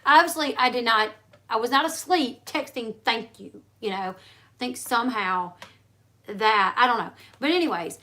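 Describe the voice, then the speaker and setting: Bright-voiced chatty woman. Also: a little high, moderate pace. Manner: rambling, chatty storytelling with many fillers. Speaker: livestream host. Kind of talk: casual livestream chat.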